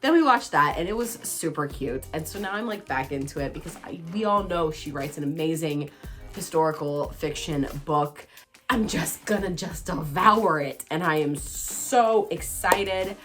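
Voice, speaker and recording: Bubbly woman chatting, pitch swinging widely. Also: normal speed, faint music behind. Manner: bubbly, excitable, self-teasing. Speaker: book vlogger. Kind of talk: casual chatty book talk.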